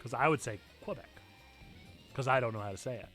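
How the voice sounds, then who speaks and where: A man giving live commentary while he plays a video game on stream, excitable and quick to break into shouts at what happens in the game. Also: medium pitch, faint music behind. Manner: excitable, bursts into shouting over game events. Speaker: church gaming streamer.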